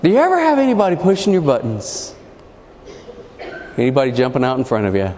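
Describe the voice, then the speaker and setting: Folksy storyteller man from New Mexico, keynote speaker, high animated delivery, roomy hall reverb. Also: brisk. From New Mexico, USA. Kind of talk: humorous storytelling speech. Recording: echoey hall with faint background noise.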